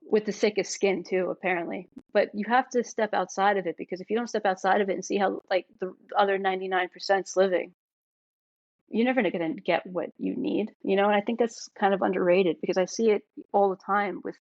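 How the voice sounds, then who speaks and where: A woman with a New York accent, a filmmaker talking as a podcast guest, emphatic and animated, often checking in with "right?". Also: medium pitch, fairly quick, no echo, dull audio. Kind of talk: casual podcast conversation.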